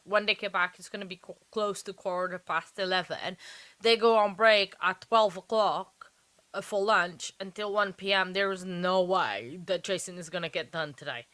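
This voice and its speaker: Chatty woman streamer, bright dry voice. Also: mid-range voice, no echo. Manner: rambling, chatty, talks to chat viewers. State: sleepy, yawning. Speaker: livestream host. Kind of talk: casual live trial commentary.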